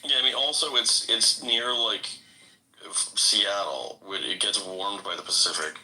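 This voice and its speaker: A man's voice: on the low side, a little slow, sharp tone, poor audio. A man in a casual group podcast chat who talks in an incredulous way, with lots of "like" and casual swearing.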